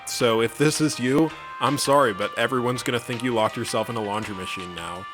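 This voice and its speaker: A young man narrating a comedy video in a dry, sarcastic, deadpan way. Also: medium pitch, brisk, over music.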